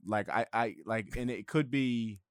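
A man hosting a podcast in casual chat, halting and full of fillers, often restarting his sentences. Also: on the low side, clean tone, no echo, studio quality. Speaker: podcast host.

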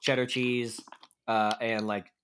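A man's voice: mid-range voice, level tone, slow pace, a bit bright, a little hiss or hum. A man hosting a podcast in casual chat, rambling and filling his talk with "like.". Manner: rambling, heavy on filler "like". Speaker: podcast host.

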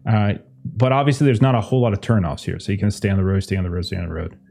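A man's voice: on the low side, fairly even intonation, rapid-fire, gravelly, mellow. A man narrating as game master of a tabletop game, describing scenes loosely with many restarts and fillers.

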